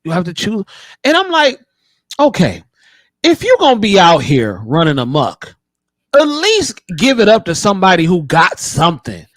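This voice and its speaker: Casual podcast host, man, high and lively voice, dry sound. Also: moderate pace, no echo. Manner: animated, acts out quoted voices.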